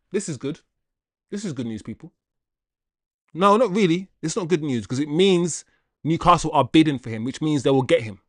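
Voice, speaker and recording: A man's voice: on the high side, a bit bright, no echo, clean studio sound. A man hosting a live fan stream, talking straight to his chat in an exasperated way and reading out viewer comments. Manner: reads viewer comments aloud. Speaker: livestream host.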